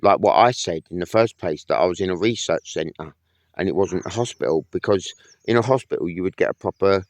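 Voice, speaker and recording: A man's voice: low-pitched, a little fast, no room sound. A man in a casual monologue to camera, rambling and aggrieved, swearing often. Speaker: vlogger.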